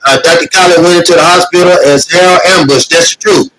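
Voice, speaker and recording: A man's voice: fairly high pitch, steady tone, fast, pushed and bright, poor audio. A man hosting a live stream, reading viewer comments and addressing his audience in an earnest, repetitive, preacher-like cadence with many fillers; he is emotional. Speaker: host of a streaming show.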